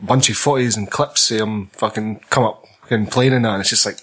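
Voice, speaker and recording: A man's voice: on the low side, steady tone, a little fast, fairly bright tone, slightly rough. A man with a Scottish accent in a casual film chat, blunt, swearing heavily and repeating himself. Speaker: podcast co-host.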